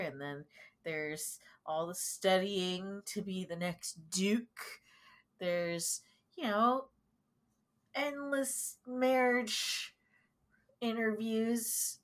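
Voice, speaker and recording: A woman playing in a tabletop game, describing her character in a casual, joking way with plenty of swearing. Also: lowish voice. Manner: profane, joking, laid-back. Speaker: player.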